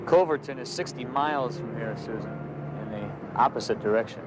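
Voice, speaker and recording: A man's voice: mid-range voice, fairly quick, noisy background, natural voice. An actor playing a stern male police detective who warns a young woman in an old TV crime drama. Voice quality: firm, warning. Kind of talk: 1970s TV crime drama acting.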